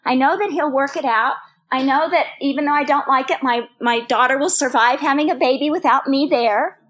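Older female Bible teacher, high pitch, earnest personal sermon delivery. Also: brisk, a bit bright. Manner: earnest, personal, repeats phrases for emphasis.

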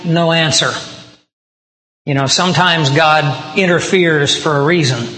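A man's voice: on the high side, pushed and bright. A male pastor preaching a sermon as a personal story, talking conversationally and acting out the dialogue he quotes. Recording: roomy hall with long reverb.

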